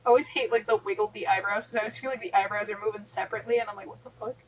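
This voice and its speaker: A woman's voice: medium pitch, steady tone, very fast, a little hiss or hum. A woman co-hosting a podcast, reading fan fiction aloud with wisecracking, rambling asides and casual swearing. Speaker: podcast co-host. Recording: muffled lo-fi with background music.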